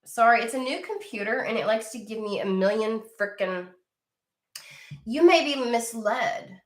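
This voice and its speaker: A woman's voice: on the high side, normal speed. Blunt, profane woman reading tarot. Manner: blunt and profane, talks to viewer directly. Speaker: tarot reader. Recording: echoey room.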